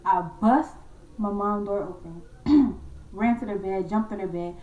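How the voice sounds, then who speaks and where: A woman's voice: medium pitch, measured pace, recorded from a distance, muffled recording. Young woman telling a story, roomy echo. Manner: animated, acts out her own scared voice; slangy, talks to viewers as y'all. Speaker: vlogger. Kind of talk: casual storytime. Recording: echoey room from off-mic.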